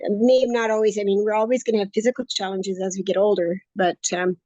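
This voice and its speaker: A woman's voice: medium pitch, fairly even intonation, brisk, mellow, no room sound, rough recording. A woman in her late sixties, talking in a chatty, upbeat, rambling way as a guest in an interview. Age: 60s. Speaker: course student interviewee. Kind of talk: casual interview conversation.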